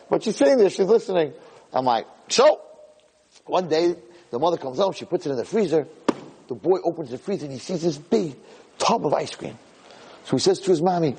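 A man, a rabbi, giving a lecture as an animated storyteller who acts out voices. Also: fairly high pitch, normal speed, slightly rough.

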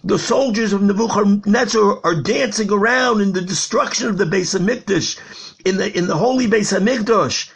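A man with a high, gravelly voice gives an impassioned Torah lecture as a rabbi. His tone is very husky and rough. He stretches out key words for weight and tells a parable to make his point. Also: moderate pace. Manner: storytelling with a parable.

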